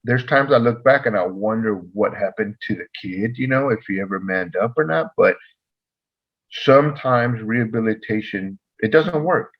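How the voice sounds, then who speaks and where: A man's voice: fairly low pitch, moderate pace, highs cut off. A man who used to be a probation officer tells a story in casual conversation, acting out the dialogue with energy. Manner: animated, acts out dialogue in the story. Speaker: podcast co-host, former probation officer.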